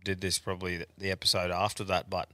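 An Australian man hosting a podcast, chatting casually with relaxed, sweary banter. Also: low voice, fast talker, no room sound, studio quality. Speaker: podcast host. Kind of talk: casual chat.

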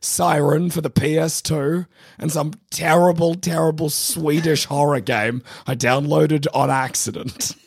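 A hoarse, gravelly man whose voice is worn down by a sore throat. He sits a little higher in pitch than most men and talks in a casual, self-mocking podcast chat, often breaking into laughs. The sound is close and dry. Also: steady tone, unhurried, no echo. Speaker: podcast co-host.

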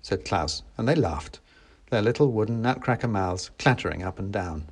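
A man reading a storybook aloud, animated and wry, acting out the dialogue. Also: fairly low pitch, moderate pace. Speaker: audiobook reader. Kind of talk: expressive storybook narration.

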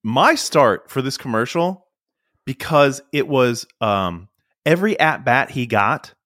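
Animated, playful male podcast co-host. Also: mid-range voice, takes it slowly, no echo, clean studio sound. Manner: animated, stumbling restarts, playful. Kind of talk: casual sports and pop culture chat.

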